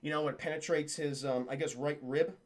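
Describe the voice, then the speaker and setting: A man's voice: on the high side, fairly even intonation, brisk. A young man livestreaming a casual spoiler recap of a film, rambling and swearing as he keeps talking to his chat.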